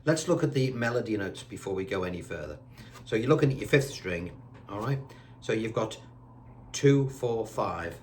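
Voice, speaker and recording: A man's voice: fairly low pitch, expressive, fairly quick. A man teaching a guitar lesson, chatty and reassuring, counting notes aloud while seated indoors. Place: indoors, seated on a squeaky chair.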